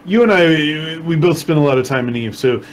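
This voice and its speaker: Measured man voicing concerns, faint noise. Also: a little high. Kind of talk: casual gaming chat.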